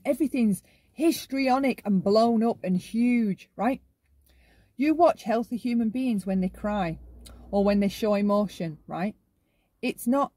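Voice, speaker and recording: A woman's voice: fairly high pitch, mellow, no echo. A woman hosting a casual commentary monologue, often ending her points with "right?". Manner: talks in long runs, ends many lines with "right?". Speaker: commentary channel host.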